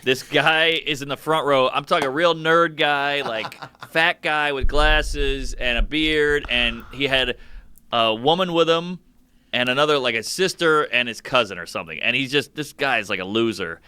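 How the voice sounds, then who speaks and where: A male stand-up comedian telling a crude story on a podcast in a deadpan way, acting out the people in it. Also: medium pitch, moderate pace, smooth. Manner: deadpan, crude, acts out the people in his stories.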